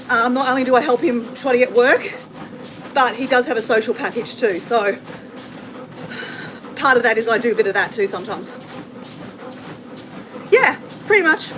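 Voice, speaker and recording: A middle-aged Australian woman hosting a casual livestream while walking on a treadmill, chatting with viewers and answering their comments. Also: fairly high pitch. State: walking on a treadmill, slightly effortful. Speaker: livestream host. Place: home with renovation banging. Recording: noisy background with banging.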